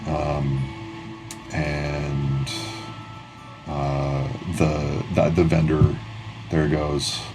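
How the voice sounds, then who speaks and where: A man's voice: a bass voice, completely flat delivery, very slow, pauses often, music in the background. A man narrating a tabletop game as game master, rambling with many restarts and fillers.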